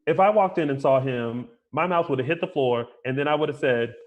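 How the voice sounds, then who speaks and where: Guy cohosting a soap recap show, playful and animated, acts out bits. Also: medium pitch, a little fast, phone-quality sound. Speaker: podcast co-host. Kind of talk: casual chat.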